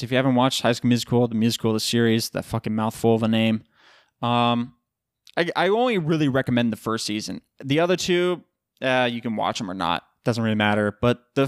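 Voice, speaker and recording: A man's voice: mid-range voice, no room sound, clean studio sound. Tired, rambling podcast host, a man. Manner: rambling, loose, with casual swearing. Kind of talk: casual solo podcast chat.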